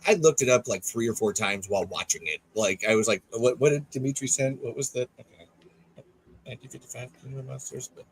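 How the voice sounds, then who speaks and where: A man's voice: mid-range voice, breathy edge, low-quality recording. A man chatting casually on a podcast, rambling and swearing freely. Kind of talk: casual chat.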